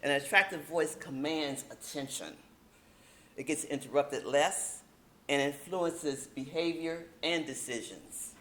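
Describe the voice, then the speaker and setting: A woman teaching a speaking workshop in a casual, emphatic way, slowing down to stress key points. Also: sits low, background noise.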